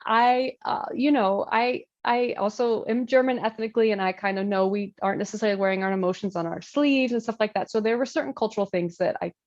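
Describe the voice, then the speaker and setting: A woman's voice: mid-range voice, steady tone, fast, hardly any pauses, darkish tone, lo-fi sound. A woman in her thirties from Michigan, a Lutheran pastor, talking casually in an interview, chatty, with frequent laughs and many fillers.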